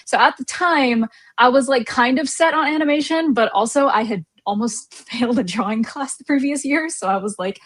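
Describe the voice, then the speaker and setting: A woman's voice: on the high side, expressive, moderate pace. A woman on a video call telling her story as a cast member, bashful and giggling often. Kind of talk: casual group chat.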